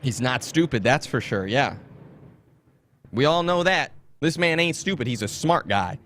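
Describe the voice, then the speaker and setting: A man's voice: medium pitch, expressive, measured pace, fairly bright tone. A man hosting a podcast in a casual comedic rant, mocking and laughing often as he jumps between topics. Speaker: podcast host.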